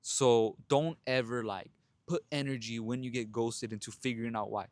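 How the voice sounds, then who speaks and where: A man's voice: medium pitch, steady tone, moderate pace, a little mellow, no room sound. Blunt, profane young man telling a story. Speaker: podcast host. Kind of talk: casual monologue.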